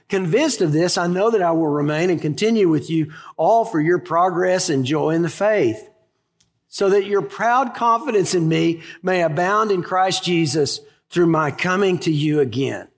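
A high-voiced male pastor delivering a sermon in a hall with a long echo. He preaches with emphasis, drawing out key phrases and then rushing through light asides. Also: fairly bright tone. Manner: emphatic, storytelling preacher, shifts between slow stress and quick asides.

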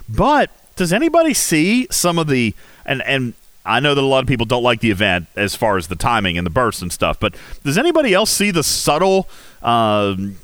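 A man hosting a casual game livestream, talking in an animated, rhetorical way with many fillers. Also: medium pitch, no room sound. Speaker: livestream host. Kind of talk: casual game commentary chat.

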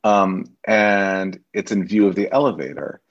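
A man, a stage actor and teacher, telling animated anecdotes as a podcast guest. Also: low-pitched, measured pace, lo-fi sound. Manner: animated anecdotes, acts out quoted voices. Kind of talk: casual interview storytelling.

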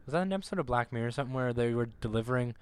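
A young man co-hosting a podcast, jumping in with quick, swearing remarks. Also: mid-range voice, expressive, clean tone, dry recording. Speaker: podcast co-host. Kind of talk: casual chat.

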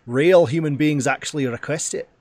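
Man doing a brash TV chef voice, loud, hyped, punchy promo delivery. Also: on the high side, moderate pace, no echo, natural voice.

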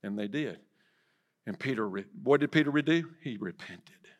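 A man preaching a sermon in church, swinging from loud to hushed and asking the congregation direct questions. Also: mid-range voice, lively intonation, normal speed. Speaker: pastor. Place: church sanctuary.

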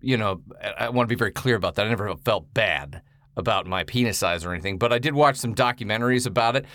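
A man co-hosting a podcast over a video call, talking in an excitable, rambling, joking way. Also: on the low side, fast talker, dry recording. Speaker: podcast co-host. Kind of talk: casual chat.

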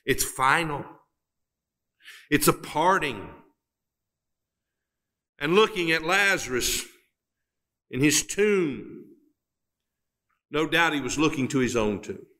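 A man preaching a sermon who pauses dramatically, builds to emphatic climaxes and reads scripture in old-fashioned wording. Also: a little high, lively intonation, sharp tone.

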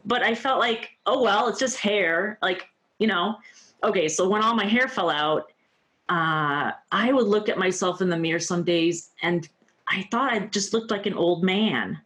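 A woman's voice: on the low side, moderate pace, a bit bright. A woman in her fifties, a guest on an interview show, telling her own story in an earnest, heartfelt way with lots of "you know" and "like". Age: 50s. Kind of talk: candid personal storytelling.

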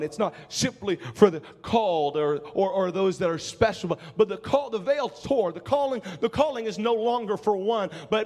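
A man's voice: high-pitched, a little mellow, long reverb tail. A man preaching a sermon in a church, asking searching, pleading questions and repeating his first words as he moves into an altar-call prayer. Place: church sanctuary with congregation.

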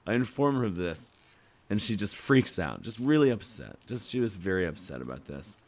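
A man's voice: lowish voice, normal speed. A man on a casual beer podcast, telling restaurant stories and acting out customers. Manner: animated storyteller, acts out customers. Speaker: podcast guest. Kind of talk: casual chat over beers.

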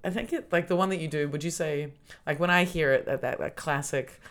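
A woman's voice: low-pitched, fairly quick. A young adult woman hosting a podcast, chatting casually and laughing often. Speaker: podcast host. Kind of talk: casual chat.

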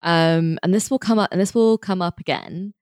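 A woman's voice: lowish voice, normal speed, a little mellow, clear, resonant tone, dry recording, studio quality. A woman co-hosting a casual chat about a sitcom, chatty and often restarting her sentences. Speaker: podcast co-host.

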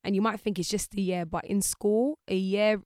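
A woman's voice: medium pitch, moderate pace, dry recording, studio quality. A woman, a guest chatting casually in an interview and acting out the people she quotes. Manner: lively, acts out voices of people she quotes.

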